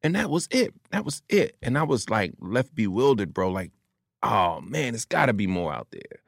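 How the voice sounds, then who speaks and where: Comedian guest, male, deep gravelly voice, dry close sound, lively storyteller. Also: normal speed, no room sound. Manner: animated storyteller, acts out quotes, laughs often. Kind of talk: casual storytelling chat.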